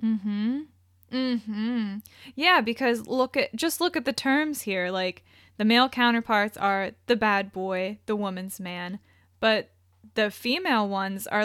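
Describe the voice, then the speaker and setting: A woman's voice: mid-range voice, slow, a bit bright, no room sound, clean studio sound. A woman co-hosting a casual podcast chat, reading out descriptions with wry asides and frequent laughs. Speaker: podcast co-host.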